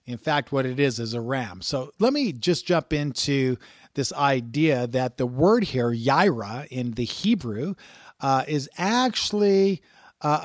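A man's voice: mid-range voice, dry recording, clean studio sound. A man teaching scripture in a sermon style, emphatic, reading passages aloud and repeating key words for stress. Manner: frequent "uh" fillers and restarts. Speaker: Bible teacher.

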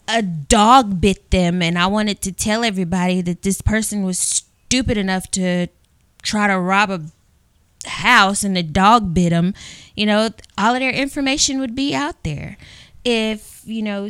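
A woman's voice: medium pitch, a little slow, fairly bright tone, clear, resonant tone, no room sound. A woman with a Southern US accent, co-hosting a casual podcast and chatting playfully with stories. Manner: playful, talkative, storytelling. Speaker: podcast co-host.

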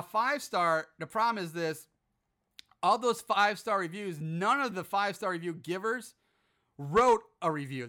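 Male podcast host, high and bright, casually sarcastic and foul-mouthed when he riffs on reviews. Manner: sarcastic, profane, mock-outraged.

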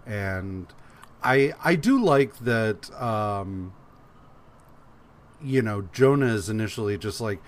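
Slow-talking man recapping comics casually. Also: on the low side, animated. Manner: profane, acts out characters' lines while retelling. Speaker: podcast co-host.

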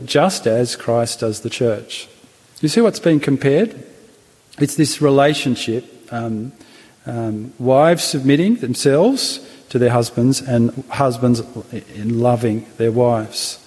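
A man preaching a sermon, working through the text thoughtfully with frequent restarts and pauses, talking to a seated congregation. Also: medium pitch, a little mellow, big-room sound.

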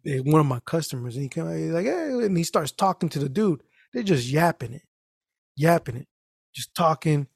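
A man telling a story in casual podcast chat, animated and profane, acting out the people in it. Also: on the high side, moderate pace, creaky, breathy edge, no room sound, clean studio sound. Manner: animated, profane, acts out the people in his stories.

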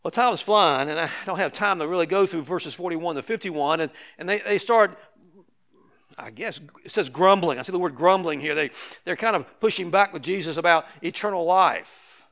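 A man's voice: sits high, moderate pace, fairly bright tone. An older man preaching a sermon as pastor, conversational with emphatic repetitions and light asides to the congregation.

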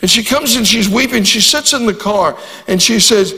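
An older man preaching a sermon in a voice pitched high for a man. He tells stories and builds into fervent prayer. His words ring out with a long reverb through a large hall. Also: moderate pace, pushed and bright. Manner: storytelling, rises to fervent prayer. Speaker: guest preacher.

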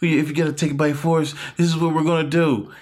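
A blustering politician impression, put on by a man, raised a few steps above his own voice and pushed louder. He rallies like he is firing up a crowd, repeating his urgent lines. It is a casual podcast bit, not a polished imitation. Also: a little high, little pitch movement, fast, pitched above the performer's own voice, natural voice. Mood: rousing. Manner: loud, rallying, repetitive.

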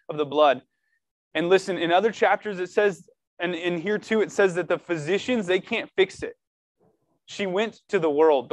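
A man preaching earnestly to a youth group, animated and casual, reading scripture and pleading with his listeners. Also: high voice, no room sound. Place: church room.

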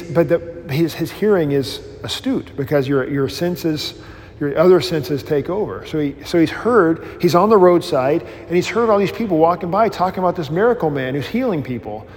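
A male pastor leads a new member class in an informal, rambling style, telling animated stories with many restarts and self-deprecating humor. His voice is on the high side, and the audio has a big-room sound.

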